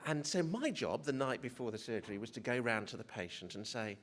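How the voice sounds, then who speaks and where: Middle-aged male doctor at a conference podium, unscripted and mid-pitched, who often restarts and jokes at his own expense. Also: expressive, a little fast, a little hiss or hum. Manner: hesitant, restarts, self-deprecating humour. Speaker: physician speaker. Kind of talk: conference presentation. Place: conference hall.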